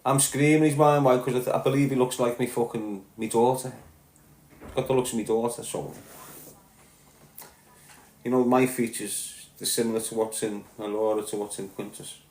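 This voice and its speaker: A man's voice: steady tone, moderate pace, long pauses, roomy sound. Blunt, swearing Liverpool man. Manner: blunt and profane, swings between loud outbursts and low muttering. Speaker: podcast host. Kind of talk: candid monologue.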